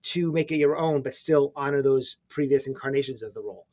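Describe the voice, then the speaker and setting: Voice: medium pitch, a little fast, darkish tone. A man hosting a theater podcast, asking guest questions and giving short affirmations. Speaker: podcast host. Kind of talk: interview questions.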